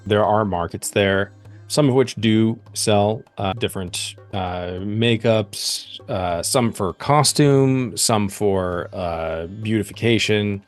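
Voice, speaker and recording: A man's voice: fairly low pitch, slow pace, faint music behind. A man narrating a tabletop role-playing game as game master, describing scenes with frequent ums and uhs.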